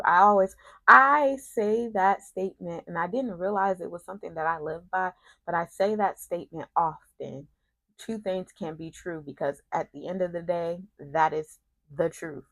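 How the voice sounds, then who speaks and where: A woman casually recapping a soap opera episode in an animated, sassy way, with slang and quick asides. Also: lowish voice, no echo.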